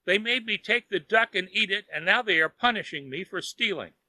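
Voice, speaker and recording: A man's voice: high-pitched, expressive, a little fast, bright, forceful tone, dry recording, voice pushed up, exaggerated voice. A man voicing a lazy, miserly old man who wails and pleads in fear, in a children's audiobook. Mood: wailing despair. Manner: whining, wailing pleas. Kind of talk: audiobook character voice.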